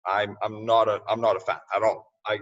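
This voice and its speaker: A man speaking as a podcast guest in casual interview talk, loose and quick to laugh, often restarting his sentences. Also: fairly low pitch, flat delivery, crowd noise. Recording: distant, muffled remote audio.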